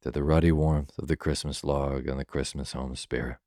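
A jovial old country doctor, voiced by a man in a sleep story, lifts his mug and toasts heartily. The voice sits extremely low and barely moves. The sound is close and dry. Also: fairly even intonation, moderate pace, a little mellow, no room sound. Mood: hearty.

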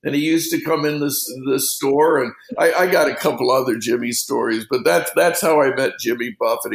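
Gravelly man telling rambling fishing stories. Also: mid-range voice, normal speed, hardly any pauses, reverberant, poor audio. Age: middle-aged. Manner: rambling anecdotes full of "you know". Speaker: fishing guide. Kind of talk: casual storytelling interview.

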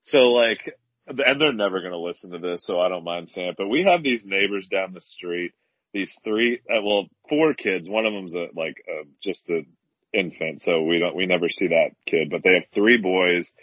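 Male co-host, 30s, very low voice, laid-back rambler, dry muffled audio. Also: normal speed, dry recording. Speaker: podcast co-host. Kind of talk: casual chat.

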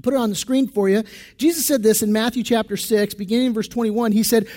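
High-voiced male pastor preaching conversationally. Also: fast talker, a little mellow. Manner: conversational preaching with many restarts and asides. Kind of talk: sermon. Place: church.

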